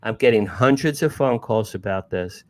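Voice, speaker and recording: A rushed, apologetic woman on the phone, as a man quotes her. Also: lowish voice, close to an everyday voice.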